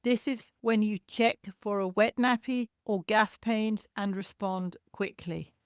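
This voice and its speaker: A woman hosting a solo parenting podcast, explaining baby cries in a gentle, reassuring teaching tone and imitating the cries to show them. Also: mid-range voice, fairly even intonation, measured pace, clear, resonant tone, no room sound, clean studio sound. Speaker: podcast host and childcare educator.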